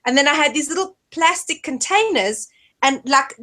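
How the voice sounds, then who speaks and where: A woman hosts a casual talk show, telling a story with lots of animation and laughter. Her voice sits high and sounds bright. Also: lively intonation, moderate pace. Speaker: host.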